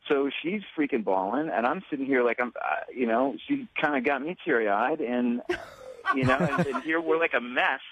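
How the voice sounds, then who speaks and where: A man calling in to a radio show, talking haltingly with many restarts. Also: mid-range voice, a bit bright, no echo, muffled recording. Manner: halting, hesitant, lots of restarts. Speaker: caller. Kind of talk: casual radio phone call.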